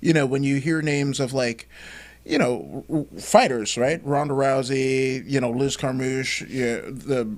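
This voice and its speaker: A man hosting an interview, talking casually with many halting restarts. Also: mid-range voice. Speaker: host.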